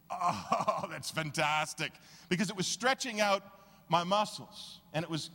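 A man preaching a sermon as pastor, telling stories with animated, acted-out quotes. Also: sits high, big-room sound. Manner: animated storytelling, acts out quoted voices.

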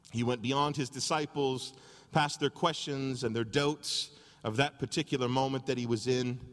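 Storytelling pastor in a reverberant hall. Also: male voice, medium pitch. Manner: animated storytelling. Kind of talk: sermon. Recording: long reverb of a large hall.

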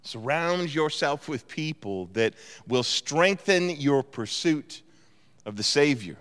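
A man's voice: a little high, slow pace, clean tone. A man preaching a sermon as pastor, telling stories and acting out what people said. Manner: animated storyteller, acts out quotes. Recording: long hall reverb.

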